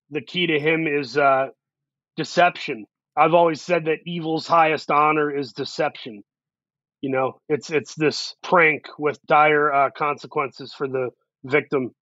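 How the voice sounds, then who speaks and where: Earnest bright-voiced man, dull dry sound. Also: fairly high pitch, dry recording. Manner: earnest, reflective, talks in long run-on thoughts. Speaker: actor, guest. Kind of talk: casual interview talk.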